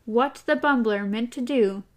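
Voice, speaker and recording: A woman's voice: on the high side, unhurried. A woman reading a novel aloud expressively and chatting about it with a co-host. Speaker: reader and co-host.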